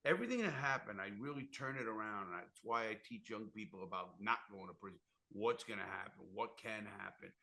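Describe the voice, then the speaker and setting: Bright-voiced blunt man, podcast host. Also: lowish voice, lively intonation, a little fast, gravelly. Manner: blunt, swearing, fired-up storyteller. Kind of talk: casual chat.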